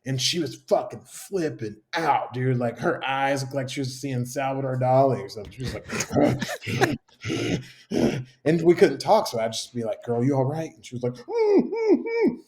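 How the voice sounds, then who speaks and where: A man's voice: mid-range voice, sing-song, moderate pace, a little mellow, slight background noise. A man talking as a chef guest on a podcast, telling stories casually, swearing a lot and acting out what others said. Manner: profane, storytelling, acts out quotes. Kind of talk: casual chat.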